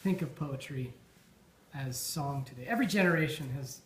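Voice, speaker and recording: Man, toast speaker at a supper; reflective, halting delivery with ums; slightly high voice; roomy, echoey hall sound. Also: animated, slight background noise. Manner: thoughtful, with frequent ums and restarts. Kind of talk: informal after-dinner toast.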